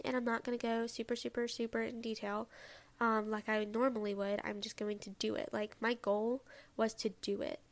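Chatty young woman with a gravelly edge. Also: a little high, a bit bright. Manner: chatty and rambling, with many fillers and asides. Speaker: podcast host. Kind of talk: casual solo podcast chat.

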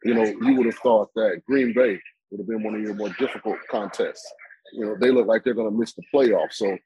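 A man's voice: lowish voice, fairly even intonation, fairly quick, mellow, husky, no echo, highs cut off. A man giving opinionated football analysis on a sports talk show, rambling with many fillers and restarts.

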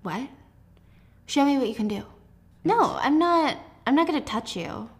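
Young woman retelling a book, animated and chatty, fairly high voice. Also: brisk. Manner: animated storytelling with asides. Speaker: host. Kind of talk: casual book recap.

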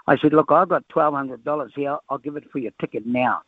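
A man's voice: medium pitch, a little fast, hardly any pauses, no echo. A man with a New Zealand accent calling in to a radio show, spinning a rambling yarn and acting out the voices of the people in it. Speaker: caller. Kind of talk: telling a story on a phone call. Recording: muffled phone line.

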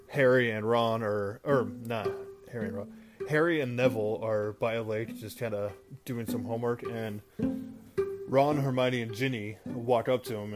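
A man hosting a podcast, casually recapping a movie into his phone, rambling and often correcting himself mid-sentence. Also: mid-range voice. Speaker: podcast host. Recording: music playing underneath.

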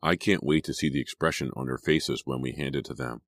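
An honest, cautious teenage girl, as a deep-voiced man puts her on for an audiobook. She speaks earnestly and warily, pitched well above his low natural voice. The recording is dry and close. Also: fairly quick, a bit bright, no room sound. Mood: doubtful. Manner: earnest, wary.

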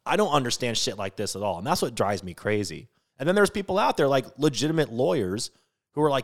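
A man co-hosting a podcast in casual chat, ranting with animated swings and swearing freely between laughs. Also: medium pitch, a little fast. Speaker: podcast co-host.

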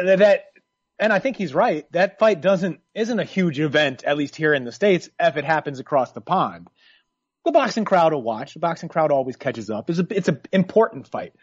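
A man's voice: high voice, dry recording, highs cut off. A man from New York co-hosting a casual boxing chat, wry and talkative. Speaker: co-host.

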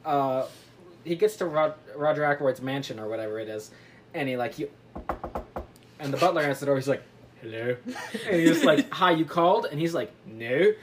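Her voice is low and a little fast, with frequent pauses, as she chats casually with friends about a book's plot, rambling, giggling, and acting out its characters. A crowd is audible, with a lively group laughing behind her.

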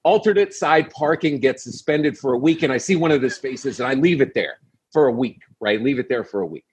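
A man's voice: mid-range voice, expressive, fairly quick, a little mellow, husky. A middle-aged man, a guest telling a long comic story with punchy, acted-out quotes. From New York City. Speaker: guest comedian. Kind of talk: animated storytelling on a podcast.

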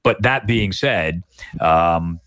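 Deep-voiced Canadian man telling stories. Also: extremely slow, a bit bright, no echo, studio quality. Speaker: guest broadcaster. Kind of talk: storytelling in a podcast interview.

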